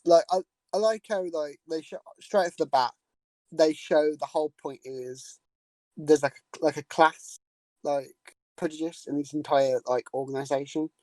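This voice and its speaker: A man's voice: fairly high pitch, normal speed, mellow, dry recording, rough recording. A man co-hosting a podcast, chiming in on a movie recap with frequent laughs and fillers. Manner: laughs often, lots of "like" fillers, chimes in. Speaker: podcast co-host. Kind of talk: casual movie recap chat.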